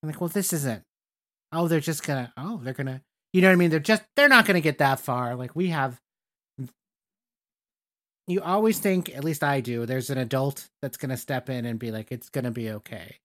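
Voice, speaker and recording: Animated podcast co-host, mid-pitched voice. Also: normal speed. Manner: animated storytelling, quotes people. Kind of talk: casual chat.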